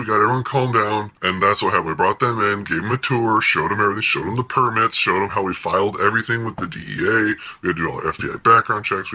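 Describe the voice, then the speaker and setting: A man recounts a story from his own life in relaxed, profanity-laced vlog talk. His voice is strikingly bright and strained, with a husky, rough grain. He keeps the delivery animated and often breaks into laughter between lines. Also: fairly low pitch, poor audio. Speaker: vlogger telling a personal story.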